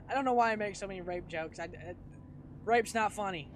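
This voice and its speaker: A man's voice: high-pitched, fairly quick, faint music behind. A man playing a horror game and commenting nervously, swearing and laughing as he goes. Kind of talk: let's play commentary, reading game text aloud.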